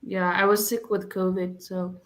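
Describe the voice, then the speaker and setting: A woman guesting on a podcast, chatting in a relaxed, low-key way. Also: moderate pace. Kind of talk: casual chat.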